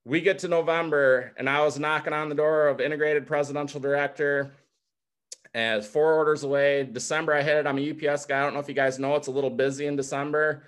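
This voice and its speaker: A man's voice: a little high, fairly even intonation, fast talker, a bit bright, smooth. A man in his forties giving an emotional, fired-up motivational testimony on a video call, choked up at times. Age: 40s. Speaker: guest speaker.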